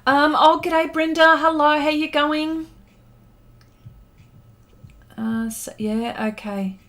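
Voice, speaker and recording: Slow-talking Australian woman chatting on stream. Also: high voice, steady tone, fairly bright tone. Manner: chatty, thanks viewers and reads chat aloud. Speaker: pastel artist live-streaming. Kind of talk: casual live-stream chat while painting.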